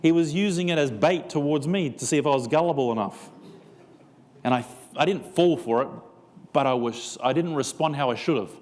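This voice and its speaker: Man, church sermon, animated storytelling, acts out dialogue. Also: fairly high pitch, a little fast, in a large hall. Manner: animated storyteller acting out a conversation. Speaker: preacher.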